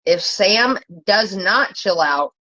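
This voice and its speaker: A woman ranting casually on her own channel, blunt and profane, rambling and jumping in pitch when she gets worked up. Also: lively intonation, slow, bright, forceful tone, dull audio. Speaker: commentary vlogger.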